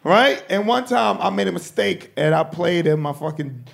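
A man doing stand-up with a high, gravelly voice and a profane, animated delivery. He acts out the people in his stories, often pushing up into shouts. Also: normal speed. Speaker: stand-up comedian. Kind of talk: stand-up routine.

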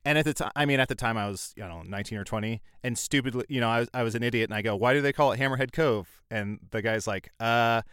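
A man talks as a guest in a casual chat, animated and quick to poke fun at himself. His voice is smooth and resonant. The sound is dry and close. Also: fairly low pitch, no echo. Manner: animated, self-deprecating storyteller. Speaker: podcast guest.

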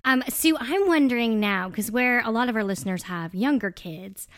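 A woman's voice: a little high, animated, moderate pace, no room sound, clean studio sound. A woman co-hosting a parenting podcast, affirming her guest and asking thoughtful questions. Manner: warm affirming listener, asks thoughtful questions. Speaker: podcast co-host. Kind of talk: podcast interview.

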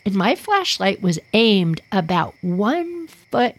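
A woman hosting a podcast, telling a childhood story in an animated, emotional way and acting out voices. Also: medium pitch, takes it slowly, rough recording. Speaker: podcast host.

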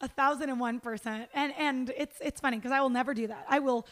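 A woman who works as a red carpet interviewer, telling stories in a casual chat, animated and full of "like" and "dude". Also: sits high, fast talker. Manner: animated storyteller, lots of "like" and "dude".

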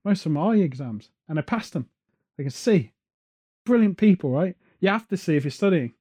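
Joking podcast host, high mellow voice. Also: male voice, lively intonation, fairly quick, breathy edge. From England. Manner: rambling, joking, off on tangents. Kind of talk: casual chat. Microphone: headphones on, studio mic.

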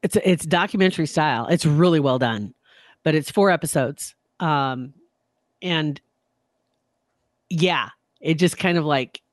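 A woman's voice: deep voice, a little slow, pauses often, no echo. Chatty woman co-host, dry mic. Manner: chatty, self-deprecating, restarts sentences. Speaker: podcast co-host. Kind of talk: casual chat.

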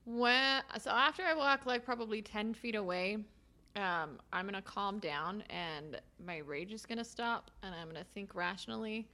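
A woman playing a tabletop game, animated and loud at times, saying "like" a lot as she describes her moves. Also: mid-range voice, normal speed. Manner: animated, loud bursts, heavy use of "like". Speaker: player. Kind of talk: casual tabletop play.

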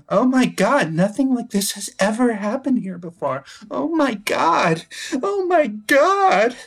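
A player voicing a dramatic, self-absorbed teenage girl in a tabletop game, talking in valley-girl style with lots of "like" and breaking into panicked wails. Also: mid-range voice. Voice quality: valley-girl talk, full of "like". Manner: escalating wails, breathless hysteria. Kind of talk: tabletop role-play.

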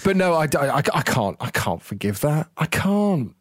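A man's voice: a little high, sing-song, normal speed, no echo, studio quality. An English man in casual podcast chat, talking emphatically with many restarts. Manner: emphatic, stammering restarts, blunt.

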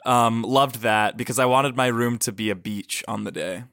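A man's voice: medium pitch, fairly even intonation, normal speed, a bit bright, clear, resonant tone. A man co-hosting a comedy podcast in casual chat, cracking dry jokes with stammering restarts. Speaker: podcast co-host. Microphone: podcast mic.

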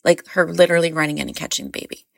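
A woman's voice: low-pitched, fairly even intonation, racing, gravelly, dry recording, clean studio sound. A mother casually recounting a birth story, rambling and filling her speech with "like". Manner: rambling, heavy use of "like".

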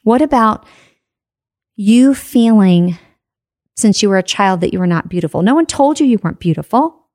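A woman's voice: medium pitch, lively intonation, normal speed, long pauses, darkish tone, no echo, clean studio sound. Emphatic woman giving a motivational talk. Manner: emphatic, rhetorical questions, frequent "right?". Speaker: personal growth speaker.

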